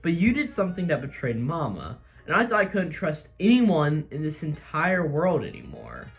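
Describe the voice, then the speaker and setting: Brief: a heartbroken teenage idol girl, hushed and tearful, read by a man in his everyday voice, with a lively delivery. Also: fairly high pitch, normal speed, soft background music. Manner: soft, subdued reading of quoted lines.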